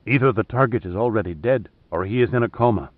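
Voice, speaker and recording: A cool-headed male sniper who answers in flat, factual statements, as a man reads him out. The voice is low and unhurried. It is narrated storybook dialogue in a thriller. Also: dry recording, phone-quality sound, lightly acted. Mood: matter-of-fact. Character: calm, matter-of-fact male sniper.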